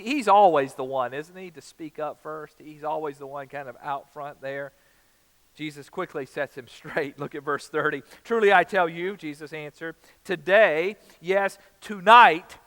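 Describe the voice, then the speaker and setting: Male pastor, relaxed chatty sermon delivery with dramatic quotes, voice a touch high, echoing sanctuary. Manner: conversational preaching, dramatizes quotes with rising emphasis.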